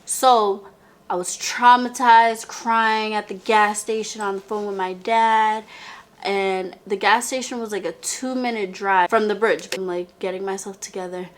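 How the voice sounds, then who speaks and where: Brief: young woman vlogger, unhurried, chatty storytime voice with lots of fillers. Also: medium pitch, fairly even intonation, slight background noise. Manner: chatty, heavy "like" filler, talks to viewer as "girl". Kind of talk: casual storytime monologue.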